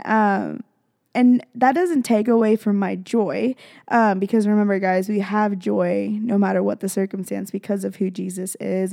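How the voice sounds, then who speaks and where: Young woman, podcast host, gushing rambly chat, lots of vocal fry, dry close mic. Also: mid-range voice, a little mellow, no echo. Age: young adult. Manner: gushing, rambling, heavy on "like" and "freaking". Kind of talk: casual confessional chat.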